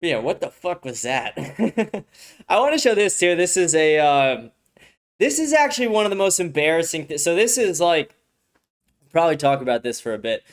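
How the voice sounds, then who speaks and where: A young adult man with a voice on the high side and big pitch swings hosts a podcast, reacting at normal speed to a video clip. He's casual and rambling, swearing frequently and restarting his sentences.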